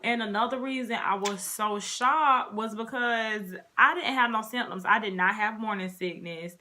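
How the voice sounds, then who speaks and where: A woman's voice: a little high, normal speed, sharp tone, a little hiss or hum. A woman in her twenties telling a casual storytime to her viewers, chatty and talking straight to them. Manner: chatty, addresses viewers as y'all. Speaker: vlogger.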